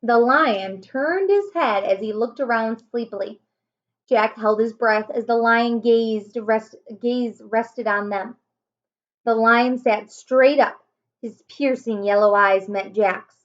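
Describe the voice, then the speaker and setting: A woman teacher reading a children's chapter book aloud, slowly and carefully, raising her voice for the children's lines. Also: fairly high pitch, dull audio. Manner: slow, careful reading with small self-corrections. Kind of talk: storybook read-aloud.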